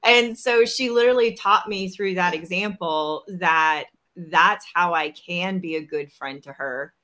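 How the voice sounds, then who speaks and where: Female podcast host, unhurried delivery, bright voice, lively storyteller who voices the people in her story. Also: on the low side. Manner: animated, acts out quoted dialogue. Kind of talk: storytelling in casual chat.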